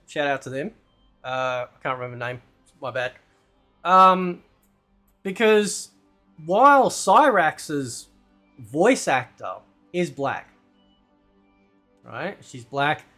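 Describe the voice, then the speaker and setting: A man's voice: a little high, animated, slow pace, pauses often, fairly bright tone, faint music behind. A man hosting a ranting commentary video, loose and combative, who keeps asking "right?". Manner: loose, rambling delivery with fillers and swearing. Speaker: commentary channel host.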